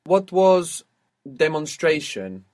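A man's voice: on the high side, sing-song, takes it slowly, a little mellow. A man teaching a spoken language lesson, patiently prompting his student with questions and short praise.

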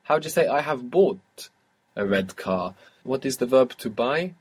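A guided audio language lesson is led by a patient male teacher whose mid-range voice has lively intonation and a breathy edge, delivered at a measured pace. He asks the student short questions, waits, and praises each answer before proceeding.

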